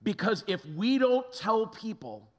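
A man's voice: high voice, unhurried. A man preaching a sermon and laying out his numbered points. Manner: lively, lays out numbered points.

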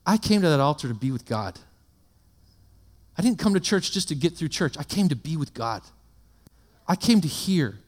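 A male pastor preaching a sermon in a church, talking fast and emphatically, repeating phrases and acting out people's prayers. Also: a little high, sing-song, long reverb tail. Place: church sanctuary.

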